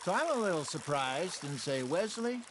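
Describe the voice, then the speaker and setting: A wry, seasoned outlaw swapping fishing tales in a game scene. His voice sits fairly high and swings through a lively, animated range as he tells his yarns in an easygoing drawl. Loud water ambience runs under the game audio. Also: noisy background. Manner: folksy, unhurried yarn-spinning. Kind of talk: video game voice acting.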